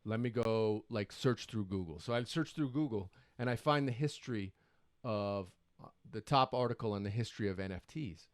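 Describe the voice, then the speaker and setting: A middle-aged man hosting his own show, excitedly retelling a story with many quoted exclamations. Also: lowish voice, moderate pace, no echo, studio quality. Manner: animated, breathless retelling full of quoted exclamations. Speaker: show host.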